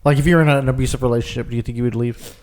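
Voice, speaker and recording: A man's voice: mid-range voice, steady tone, very fast, darkish tone. Rambling young man telling a story. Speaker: podcast co-host. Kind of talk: casual chat.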